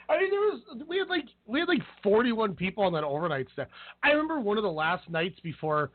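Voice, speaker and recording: A man with a high, light voice chats loosely on a call-in podcast, laughing and wandering through his stories. The sound is thin and tinny like a phone line, dry and close with no room around it. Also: sing-song, a little fast, dry recording. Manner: laughing, rambling storyteller. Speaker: podcast co-host. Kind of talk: casual chat.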